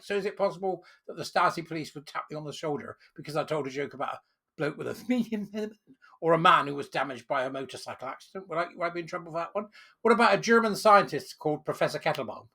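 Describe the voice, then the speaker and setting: A man's voice: on the high side, gravelly, sharp tone, breathy edge. A man giving sarcastic, indignant solo commentary, full of rhetorical questions. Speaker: political commentary host.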